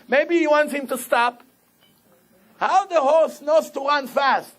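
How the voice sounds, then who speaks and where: A rabbi preaching a sermon, telling stories in an animated way and repeating phrases for emphasis. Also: male voice, very high-pitched, a little slow. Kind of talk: sermon with storytelling.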